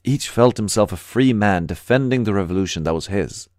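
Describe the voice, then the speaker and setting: A man's voice: fairly low pitch, lively intonation, fairly quick, darkish tone, dry recording, clean studio sound, lightly acted. A man doing a mournful, disillusioned old soldier. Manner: mournful, sighing. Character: middle-aged Red Army soldier man, disillusioned, mournful.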